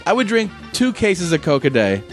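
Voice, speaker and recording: A man's voice: sits high, wildly swooping pitch, moderate pace, soft background music. A man co-hosting a podcast, joking crudely and swearing in casual banter. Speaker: podcast co-host. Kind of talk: casual chat.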